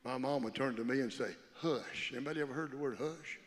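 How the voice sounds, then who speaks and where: A male pastor preaching a sermon to a congregation, swinging from loud preaching to a hushed near-whisper and calling on the people to respond. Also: mid-range voice, rapid-fire. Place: church. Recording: long reverb of a church hall.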